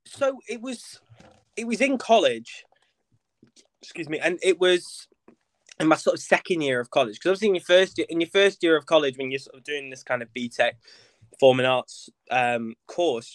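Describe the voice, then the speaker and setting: A man's voice: a little high, animated, moderate pace, fairly bright tone, no room sound. A young man from North West England, a theatre performer chatting as an interview guest, self-mocking and full of ums and likes. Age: young adult. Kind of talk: casual interview chat.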